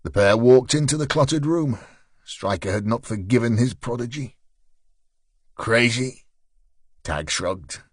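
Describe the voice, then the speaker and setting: A man's voice: medium pitch, husky, no echo, studio quality. Man narrating an audiobook thriller. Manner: steady, measured storytelling. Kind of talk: scripted narration. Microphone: close studio mic.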